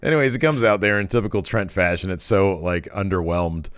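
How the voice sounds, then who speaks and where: A young man co-hosting a wrestling podcast in casual chat, animated and laughing often as he acts out moments from the show. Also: sits low, fairly quick, clean tone, no echo, clean studio sound. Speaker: podcast co-host.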